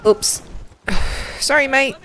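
A woman's voice: slow, a bit bright, slight background noise. A woman streamer giving live commentary on her gameplay, laughing often and calling out to other players and her chat.

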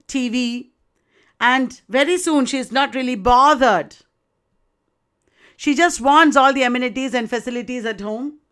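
A woman's voice: fairly high pitch, fairly bright tone, clear, resonant tone. A woman literature lecturer explaining a play, addressing students with rhetorical questions.

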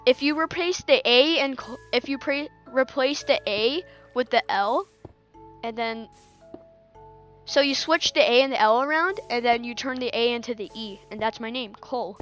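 A high-pitched woman narrating her own gameplay in a slow, unhurried way, chatting to herself and laughing often. Faint game music plays softly behind her. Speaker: gaming channel host. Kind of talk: casual gameplay commentary.

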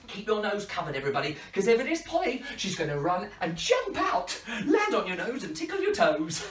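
A woman hosting a children's party show, playful and high-energy with lots of laughter. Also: sing-song, a little fast. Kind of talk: lively children's show patter. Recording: echoey room, distant mic, faint music.

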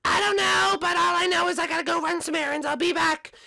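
A fussy cartoon mom, as a man puts her on, pitched high and shrill with a scolding edge. She nags and pries in a squeaky falsetto. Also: steady tone, a little fast, creaky, sharp tone, shouting, heavily acted.

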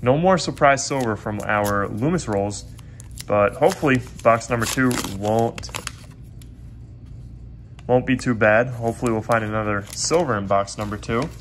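A man hosting a casual coin roll hunting vlog, chatty and quick to get excited, who is losing his voice. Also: mid-range voice, a little hiss or hum. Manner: chatty, excitable when surprised. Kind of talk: casual hobby vlog narration.

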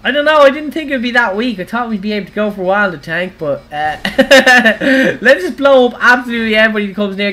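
A woman's voice: fairly high pitch, fairly quick, hardly any pauses. Giggly Irish woman streaming a game. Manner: giggly, excitable, frequent squeals and shouts. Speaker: gaming livestreamer. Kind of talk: live gameplay commentary.

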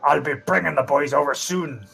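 A man's voice: a little high, normal speed, gravelly, pushed and bright, husky, soft background music, exaggerated voice. A man voicing a lanky, cocky bandit leader, brusque and bossy.

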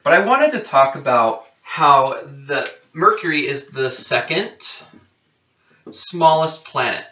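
Guy teaching a science class, bright edgy voice, sounds roomy and far from the mic, keeps asking okay?. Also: fairly high pitch, very animated, takes it slowly. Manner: conversational, checks in with "okay?", self-correcting. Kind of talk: classroom lecture. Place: classroom with whiteboard. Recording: roomy, distant and dull-sounding.

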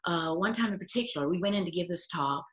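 A woman's voice: on the low side, expressive, fast, reverberant. An older woman, a retired biologist, telling stories animatedly in an interview and laughing often. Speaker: retired aquatic biologist and educator. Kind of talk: casual interview chat.

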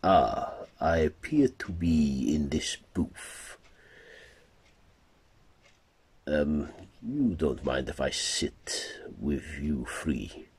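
A man voicing a suave male vampire count with a Romanian accent, low and measured. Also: very animated, a little mellow, husky, heavily acted. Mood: smooth.

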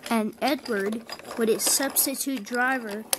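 Woman, amateur story narrator, plain delivery, fairly high voice, slow pace. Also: steady tone, background noise.

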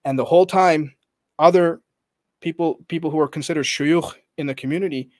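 A man's voice: a little high, fairly quick, no echo. Man animatedly retelling a story, dry sound. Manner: animated retelling, quoting others in character; frequent fillers and restarts. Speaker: podcast guest, coach. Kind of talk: conversational storytelling.

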